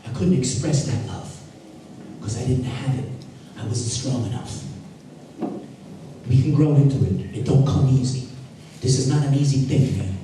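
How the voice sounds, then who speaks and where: A man who is a Catholic priest, giving a slangy, animated street-style talk full of stories. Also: mid-range voice, moderate pace, pauses often. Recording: echoey hall, mic far off, noisy.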